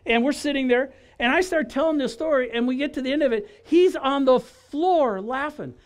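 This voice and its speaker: A middle-aged man tells his personal testimony at an outdoor church gathering in a high-set, expressive voice. His delivery is loose and conversational, and he acts out the people in his stories. He keeps checking in with the crowd as he goes. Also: moderate pace. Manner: animated, conversational, acts out quotes, frequent "right?". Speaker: guest speaker giving testimony. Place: outdoor church service in a park.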